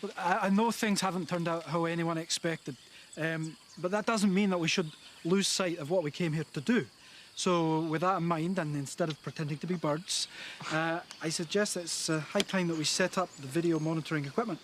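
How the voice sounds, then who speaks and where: An actor plays a fairly high-voiced man leading a camp of teenagers, brisk and a little bossy, with the odd hesitant filler. Faint outdoor noise sits behind him in this TV drama. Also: fairly even intonation, fairly bright tone, natural voice. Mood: organising. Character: adult male camp leader, brisk and organising. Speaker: camp leader of a group of teenagers.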